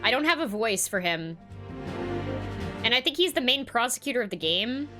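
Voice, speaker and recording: Giggly high-pitched woman streaming a game. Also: sing-song, normal speed, music in the background. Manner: giggly, swears freely. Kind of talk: casual game stream commentary.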